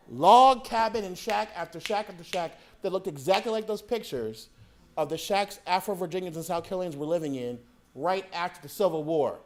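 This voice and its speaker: Guy doing a book talk, fairly high voice, laughs a lot, acts out the people in his stories. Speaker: author giving a book talk. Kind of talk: lively storytelling to an audience. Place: public hall with audience.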